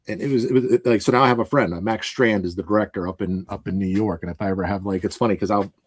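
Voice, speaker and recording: A man from Pennsylvania rattles through a story at a quick clip, his voice sitting a little low. He rambles, laughs often and acts out what people said, heard close and dry. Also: steady tone, husky, no room sound. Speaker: moving company owner, guest. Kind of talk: casual storytelling in a podcast interview.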